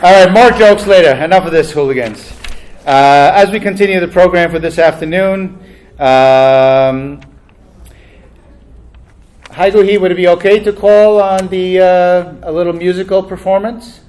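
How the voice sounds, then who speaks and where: A man emceeing a banquet, cracking jokes in a chatty, self-deprecating manner and chuckling at his own punchlines. His voice sits somewhat high for a man, and he speaks into a handheld mic in a banquet hall. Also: a little slow, darkish tone. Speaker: master of ceremonies.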